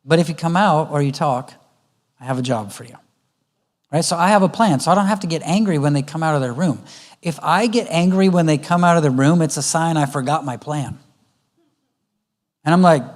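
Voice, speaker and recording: Middle-aged guy speaking at church, chatty, acts out talks with his kids, voice a bit high. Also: moderate pace. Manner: conversational, acts out family dialogue. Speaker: guest speaker. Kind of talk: conference talk on parenting. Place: church auditorium.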